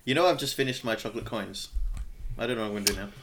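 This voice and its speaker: A man chatting casually as a podcast co-host, joking and animated. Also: mid-range voice, very fast, background noise. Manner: joking, animated, slips into silly put-on voices. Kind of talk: casual chat.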